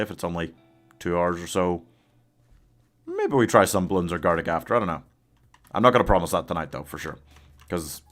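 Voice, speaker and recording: A deep-voiced man talks his way through a live gaming stream, chatty and quick to laugh as he answers viewers. He is ill and coughs between lines. Faint music and keyboard typing run underneath. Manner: chatty, laughs often, reads out viewer messages.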